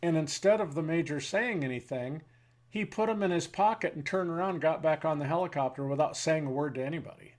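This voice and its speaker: A man in his seventies, a veteran interviewee telling war stories in a halting way, with pauses and fillers, then blunt and wry. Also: a little high. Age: 70s. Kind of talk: reflective war storytelling.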